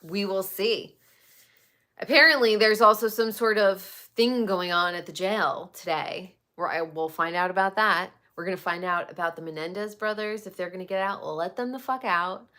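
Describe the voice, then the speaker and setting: A woman in her forties hosting a casual celebrity gossip talk, blunt and swearing freely, with animated outbursts. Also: mid-range voice, normal speed. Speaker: podcast host.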